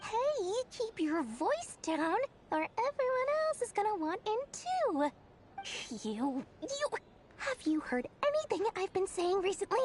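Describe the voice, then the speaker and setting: A bubbly, greedy young merchant in a video game, with a very high voice that leaps wildly up and down. She haggles with theatrical flair while game music plays clearly behind her. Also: big pitch swings, unhurried, exaggerated voice. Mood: scolding.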